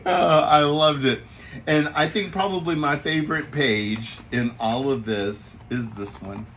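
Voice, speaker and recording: A man, a children's picture book author, telling a story about his own family in a casual, animated way and laughing often. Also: fairly high pitch, a little slow, a little hiss or hum.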